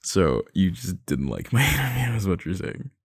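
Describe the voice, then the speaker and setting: A man's voice: medium pitch, very animated, moderate pace, breathy edge, no room sound. A young man in an ASMR boyfriend role-play, rambling nervously, laughing and swearing as he talks into a close mic.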